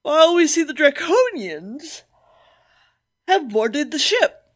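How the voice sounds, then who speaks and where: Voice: sits high, big pitch swings, takes it slowly. A podcast co-host giving a loose, sardonic plot recap, peppered with swearing and dry asides. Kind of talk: casual episode recap.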